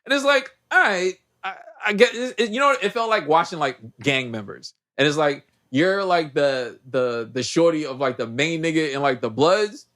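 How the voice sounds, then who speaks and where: A man co-hosting a podcast, recapping a movie in casual chat with heavy slang and lively storytelling. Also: fairly high pitch, moderate pace, hardly any pauses. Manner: animated storyteller, heavy slang, acts out characters. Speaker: podcast co-host.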